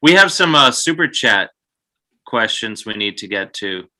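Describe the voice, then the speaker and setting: A man's voice: on the low side, lively intonation, measured pace, pushed and bright. A male talk show host who chats with his guests and reads out viewer questions. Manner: chatty, reacts with short interjections and reads viewer questions.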